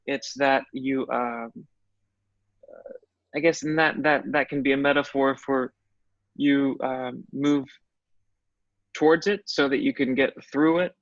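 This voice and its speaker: A man's voice: mid-range voice, steady tone, slow pace, long pauses, no room sound. A man who is an actor, telling stories in a reflective way as a guest in a casual interview. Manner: reflective storytelling. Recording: dull, dry audio.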